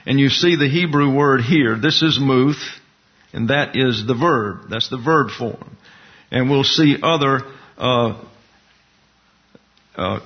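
A man gives a Bible lesson in a methodical, explanatory way, walking through words letter by letter. His voice sits at an ordinary middle pitch. The recording is dull and lo-fi. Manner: methodical, spells out Hebrew letters. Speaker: Bible teacher. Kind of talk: Bible class lecture at a board.

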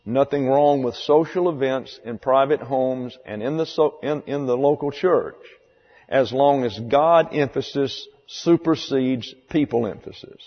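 A pastor giving a conversational sermon, repeating key phrases for emphasis. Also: male voice, mid-range voice, a little slow. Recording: dull lo-fi sound with long hall reverb.

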